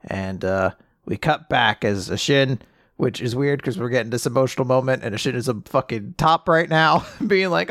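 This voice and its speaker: A man chatting casually into a close mic, with a middle pitch and a dry, close sound. He retells a story with animated asides, quoting characters in quick voice shifts and laughing often. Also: dry recording. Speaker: podcast co-host recapping a manga chapter. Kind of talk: casual chat.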